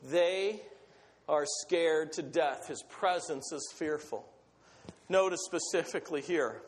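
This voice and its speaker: A man preaching a sermon, reading scripture and breaking off for animated asides and self-corrections, in a church hall. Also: on the high side, takes it slowly. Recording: long hall reverb.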